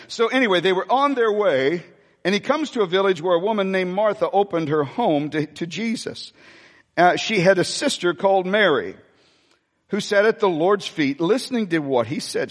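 A pastor preaching a sermon, animated and repeating his phrases, asking the congregation questions as he goes. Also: high-pitched. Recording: reverberant church hall.

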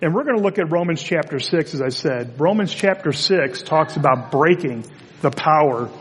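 A man delivers a relaxed, conversational sermon, telling stories in a chatty pastor's manner. His voice sits a little on the high side. The sound carries a long reverb from a church sanctuary. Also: normal speed, a little hiss or hum.

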